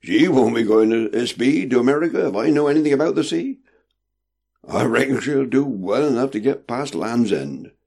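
Voicing a stubborn, doubtful old sailor, a man pitches his voice above his own and talks in a rustic, emphatic dockside way, grumbling throughout. His medium-pitched voice is creaky, husky and darkish, with lively intonation at a normal speed.

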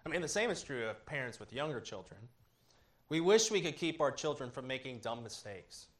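A man's voice: medium pitch, big pitch swings, fairly bright tone. Earnest male pastor teaching. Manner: earnest, measured delivery with occasional fillers. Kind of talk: sermon teaching.

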